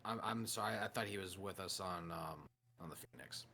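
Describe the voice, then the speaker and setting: Low-voiced male player, halting and apologetic. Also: sharp tone, slight background noise. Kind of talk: casual chat.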